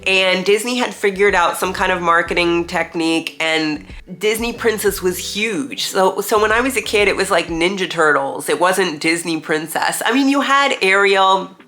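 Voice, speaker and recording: A woman's voice: fairly low pitch, normal speed, bright, forceful tone, faint music behind. A woman in her thirties, sounding nasal and congested from a cold, chatting casually and reminiscing in a vlog. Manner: chatty, reminiscing, laughs easily. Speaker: vlogger, retired theme park performer. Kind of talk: casual talking-head chat.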